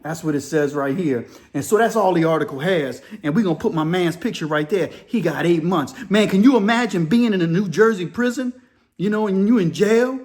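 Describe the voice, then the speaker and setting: Animated, slangy man hosting crime talk. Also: high voice, fairly quick. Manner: animated, slangy, laughs while talking. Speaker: host of a crime channel. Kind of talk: casual commentary on a news story.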